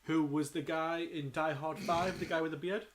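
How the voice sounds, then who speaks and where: A man with a slightly higher voice co-hosts a podcast. He talks casually and quickly, and keeps cracking jokes. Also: steady tone, a little hiss or hum. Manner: chatty, jokey, quick asides. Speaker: podcast co-host. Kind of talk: casual chat.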